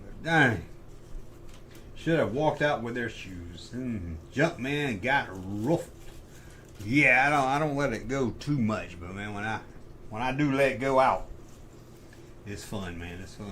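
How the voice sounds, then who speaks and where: A man's voice: mid-range voice, pushed and bright, a little hiss or hum. A middle-aged man hosting a live stream, casually telling rambling, profane anecdotes and correcting himself as he goes. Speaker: livestream host.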